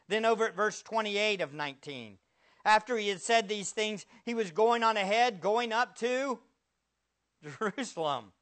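Male pastor, sermon, rhetorical questions, loud then hushed delivery. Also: sits high.

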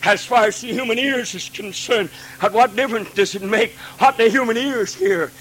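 A man preaching a Pentecostal sermon, swinging from hushed pleading to ringing cries and acting out God's pleading voice. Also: very high voice, moderate pace, poor audio.

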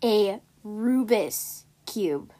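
A woman's voice: mid-range voice, lively intonation, extremely slow, dark tone. A young woman co-hosting a casual podcast, reading out riddles and stumbling over the wording now and then. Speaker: podcast co-host.

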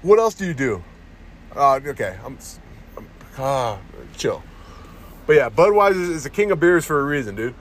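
A man's voice: mid-range voice, very animated, moderate pace, long pauses. A young man hosting a comedy podcast, ranting crudely outdoors and saying "dude" constantly into a phone held to his face. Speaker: podcast host. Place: outdoors in a town, near parked cars. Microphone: phone held close to the face. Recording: phone recording outdoors with faint street noise.

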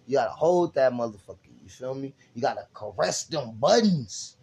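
A man's voice: medium pitch, expressive, moderate pace, vocal fry, hardly any pauses, darkish tone, breathy edge. A young man hosting a casual podcast, teasing and laughing often while swearing freely. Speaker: podcast host. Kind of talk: casual profane podcast chat.

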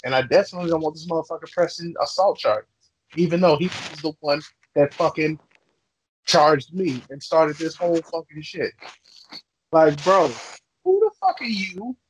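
A man's voice: a little high, steady tone, normal speed, muffled recording, a little hiss or hum. A man co-hosting a podcast, telling a heated story full of swearing and acting out what people said. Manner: heated, swearing, acts out quotes. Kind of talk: profane storytelling.

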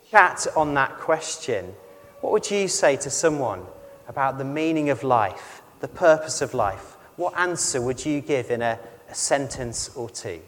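A man preaching a conversational sermon in a measured way, often putting questions to the congregation. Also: on the high side, long reverb tail. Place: church.

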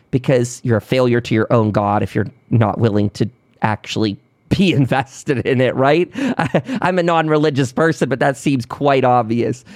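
A man's voice: mid-range voice, a little mellow, no echo. Heated sarcastic man on a dry mic. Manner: heated, sarcastic, with mocking quoted voices. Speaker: podcast host. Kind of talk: political commentary monologue.

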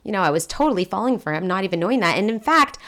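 A woman's voice: mid-range voice, very fast. A woman in her forties chatting casually, telling personal stories and acting out the voices in them. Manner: animated storyteller, acts out quoted voices. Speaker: guest telling life stories. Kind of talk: casual chat. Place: indoors at a table.

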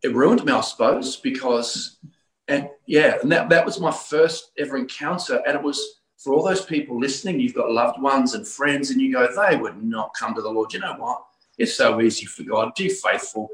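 A man from Australia, middle-aged or older, telling his personal story of religious conversion as a guest, earnest and full of halting restarts. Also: mid-range voice, fairly bright tone. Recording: roomy echo.

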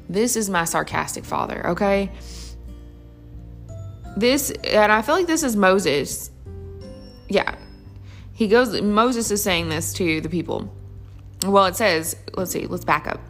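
A woman teaching a casual Bible study, chatty and enthusiastic, thinking aloud as she goes through the passage. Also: medium pitch.

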